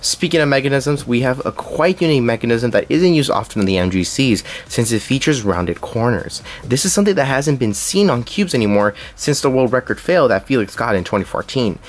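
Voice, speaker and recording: A man's voice: mid-range voice, expressive, fairly quick, few pauses. A young man narrating a scripted puzzle cube review, reading along with small slips and restarts.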